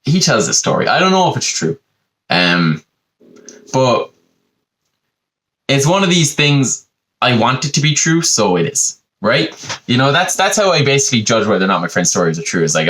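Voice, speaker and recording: A man's voice: fairly low pitch, big pitch swings, fairly quick, fairly bright tone. A man with an Irish accent hosting a podcast, telling a digressive comic monologue full of "you know" asides. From Ireland. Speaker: podcast host.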